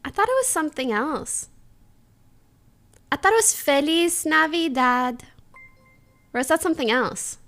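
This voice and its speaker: A woman's voice: high-pitched, expressive, unhurried, long pauses, a bit bright. A young woman livestreamer in casual, playful chat, giggling as she sounds out foreign phrases.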